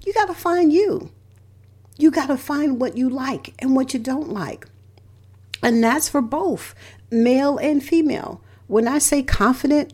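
A woman's voice: high voice, darkish tone. A middle-aged woman, a radio host and relationship counselor, giving motivational talk in an emphatic, repetitive way, hammering home points with lists. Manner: emphatic and repetitive, stressing key words with lists.

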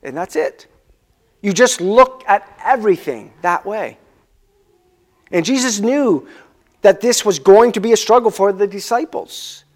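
A male pastor giving a conversational sermon, asking the listeners questions and slowing down to stress key words. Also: high voice, lively intonation, a little mellow.

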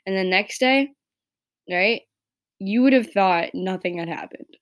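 A teenage girl from New York talking through her breakup on her own podcast, rambling and filling every pause with "like" and "right?". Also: medium pitch. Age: teens. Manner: rambling, heavy use of "like" and "right?". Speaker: podcast host. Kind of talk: casual personal podcast monologue.

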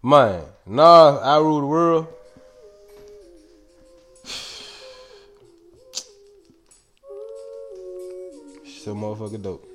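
Guy ranting solo, cussing nonstop, laughs a lot, voice sits kinda high. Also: huge pitch swings, extremely slow, pauses often, soft background music. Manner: rambling, swears constantly, laughs often. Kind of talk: casual profane monologue.

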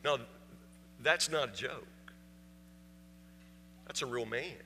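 A pastor telling a story in a sermon to his congregation, repeating words for emphasis and building to loud, high peaks. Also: takes it slowly. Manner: repeats words when stressing a point, rising to near-shouting climaxes. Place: church sanctuary. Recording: long hall reverb, faint hum.

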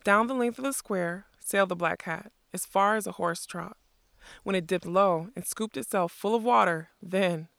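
A narrator reading a fantasy story aloud in a steady, measured way. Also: medium pitch, vocal fry, dry recording, studio quality. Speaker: audiobook narrator.

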